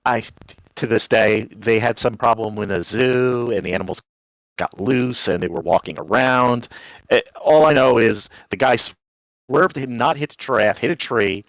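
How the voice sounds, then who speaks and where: This New Jersey caller has a medium-pitched voice and speaks at a moderate pace, casually telling rambling, animated anecdotes in which he acts out the voices. The recording is dry and the audio quality poor.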